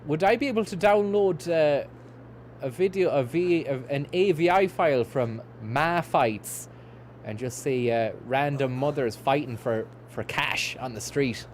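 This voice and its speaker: Streaming a game, a man with a mid-range voice talks at a measured pace, with a little background noise behind him. He reads out and answers chat messages, rambling and dropping casual swears in his let's-play commentary.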